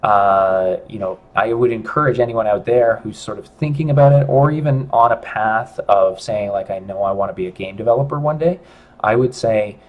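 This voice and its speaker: A middle-aged man hosting a casual livestream chat, talking in a rambling, halting way with many restarts. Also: lowish voice, narrow, tinny audio.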